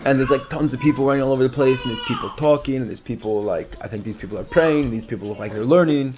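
A man's voice: medium pitch, fast talker. A man casually telling a personal story, rambling with many fillers and acting out the people he quotes. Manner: rambling, filler-heavy, animated quoting of others. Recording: dull lo-fi recording with faint hiss.

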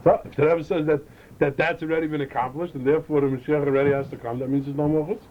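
A man teaching a Chassidic lecture, animated, often repeating and restarting his phrases. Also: fairly high pitch, very fast. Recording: dull lo-fi recording with faint noise.

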